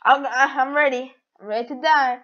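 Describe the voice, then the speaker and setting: A woman giving casual game commentary as a channel host, excitable and giggly, teasing the other players. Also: sits high, moderate pace. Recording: dull lo-fi audio.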